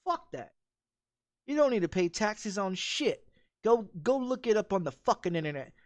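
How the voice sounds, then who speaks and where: A game streamer ranting angrily and profanely during a stream. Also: medium pitch. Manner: heated, profane, repetitive.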